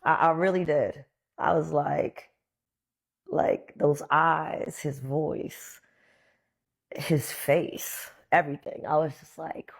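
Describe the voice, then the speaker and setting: A woman with a low-pitched voice recounts a memory in a relaxed, chatty way. She animates the story by putting on other voices for the people she quotes. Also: normal speed. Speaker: interview guest. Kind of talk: casual storytelling.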